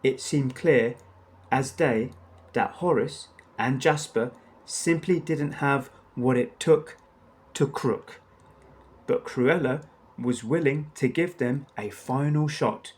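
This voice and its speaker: A man narrating a children's storybook aloud in a measured storytelling manner. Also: mid-range voice.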